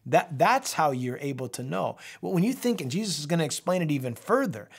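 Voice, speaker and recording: A middle-aged man, a pastor, giving a daily devotional Bible teaching in a warm conversational way, speaking to his viewers directly. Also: on the high side, sing-song, fairly quick, creaky, slightly rough.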